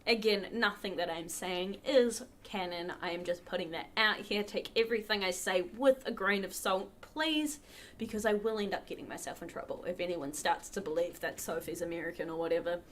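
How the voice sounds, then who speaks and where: This woman's voice is lowish and brisk, with a little hiss or hum on the recording. She's hosting a charity livestream, chatting with viewers and offering casual commentary on the game she's playing at her computer.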